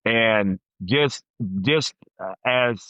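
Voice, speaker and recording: A man in casual podcast chat, telling stories with restarts and a lot of "you know." His mid-pitched voice comes through close and dry, a bit muffled. He gets animated as he tells them. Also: very slow, clean tone, dry recording. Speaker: podcast guest.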